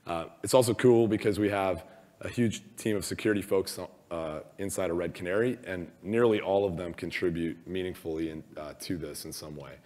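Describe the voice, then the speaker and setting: A hoarse man who has lost his voice gives a casual, self-deprecating conference talk, with many ums and uhs. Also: low voice, brisk, darkish tone. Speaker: conference speaker. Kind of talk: conference presentation. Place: large conference hall. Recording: long reverb of a large hall.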